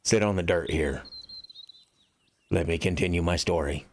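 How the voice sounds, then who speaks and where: Deep-voiced blunt, cussing American man. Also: moderate pace, slight background noise. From United States. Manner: blunt and profane, loose rambling delivery. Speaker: author reading his own book. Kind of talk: casual chat to viewers before a reading.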